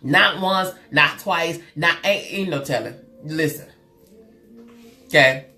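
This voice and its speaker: Woman doing a live stream, kinda low voice, chatty, lots of girl and honey, voice bouncing all over. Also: slow pace. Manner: lively, chatty, calls viewers girl and honey; loud, expressive swings in pitch. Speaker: live show host and therapist. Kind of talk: casual live-stream chat with viewers.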